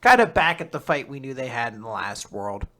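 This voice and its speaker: A man co-hosting a casual podcast, retelling a manga chapter as an animated storyteller who laughs often and acts out the quotes. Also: mid-range voice, a little fast. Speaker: podcast co-host.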